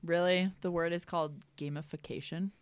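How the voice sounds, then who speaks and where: A young woman who works as a teacher, telling stories in a casual chat, animated and full of "like" and "um.". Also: on the low side, brisk, smooth, dry recording. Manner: animated storyteller, filler-heavy, laughs often. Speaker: teacher, guest.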